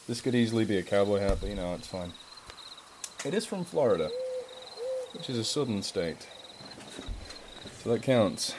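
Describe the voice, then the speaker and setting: A man's voice: fairly low pitch, expressive, measured pace, long pauses, noisy background. A young English man chatting casually on a charity live stream, rambling and self-mocking. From England.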